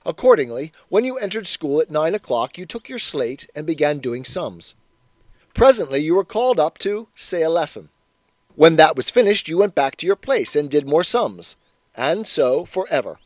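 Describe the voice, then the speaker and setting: A man reading a memoir aloud in a measured, wry storytelling manner. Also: on the high side, very animated, darkish tone, no room sound. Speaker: reader. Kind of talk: scripted memoir narration.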